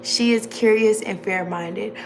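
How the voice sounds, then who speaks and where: A woman's voice: mid-range voice, unhurried, background noise. A young woman with a Southern US accent, chatting casually as she reads a text aloud, giggling often and tripping over her words. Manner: giggly, stumbles over words while reading. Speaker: vlogger. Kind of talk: casual chat, reading aloud.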